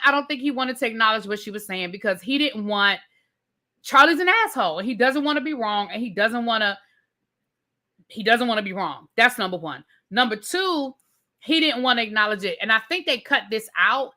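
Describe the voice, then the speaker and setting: Bright-voiced woman ranting about TV. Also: fairly high pitch. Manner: animated storytelling, many fillers and restarts; informal, addresses viewers as y'all. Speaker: TV review host. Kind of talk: casual live recap rant.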